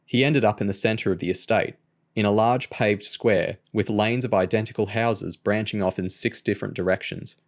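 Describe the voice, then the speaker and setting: Male audiobook narrator, lowish, steady and even. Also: normal speed. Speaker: audiobook reader.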